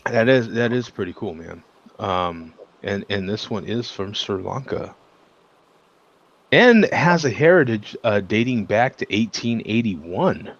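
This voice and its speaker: A man's voice: on the low side, measured pace, highs cut off. A man hosting a casual chat over beers on a video call, laughing often as he tells stories. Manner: laughs often, animated storytelling. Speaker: host.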